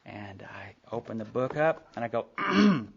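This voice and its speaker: A middle-aged man speaks to a recovery meeting with a gravelly edge in his voice. He tells his own story candidly and casually, full of asides. The sound is a dull, lo-fi tape of a live talk. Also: mid-range voice, big pitch swings, measured pace, background noise. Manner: candid storytelling with frequent asides and acted-out dialogue. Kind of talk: personal recovery story told to a group.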